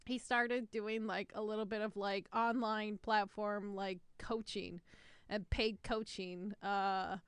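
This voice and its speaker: A woman's voice: mid-range voice, little pitch movement, slow, clean tone, no room sound. A woman co-hosting a gaming podcast, chatting casually with lots of fillers and swearing. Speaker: podcast co-host.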